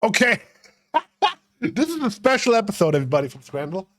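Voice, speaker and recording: A man's voice: high-pitched, very animated, a little fast, a bit bright, a little hiss or hum. A young man streaming a game, chatting casually with viewers, rambling and swearing freely. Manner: swearing, rambling, talking to chat. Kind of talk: casual livestream commentary.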